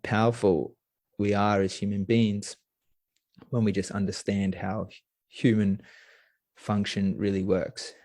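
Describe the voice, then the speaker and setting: A young man tells a story as a podcast guest. His voice sits low and sounds dry and close. He talks eagerly and rambles, dropping plenty of fillers along the way. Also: flat delivery, takes it slowly, long pauses, darkish tone, no room sound. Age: young adult. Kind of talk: casual storytelling.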